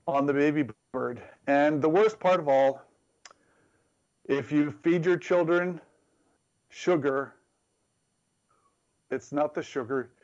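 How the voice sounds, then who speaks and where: A man preaching with a slightly higher voice, talking with his listeners rather than at them. He plays with repetition and a teasing tone. The sound is dull and a bit muffled. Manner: conversational, playful, builds through repeated phrases. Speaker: pastor. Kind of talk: sermon.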